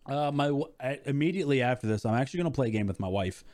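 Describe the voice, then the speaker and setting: A man's voice: medium pitch, lively intonation, racing, a little mellow. A young man co-hosting a podcast in casual chat, teasing and joking with his friend. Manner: joking, teasing, laughs along. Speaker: podcast co-host.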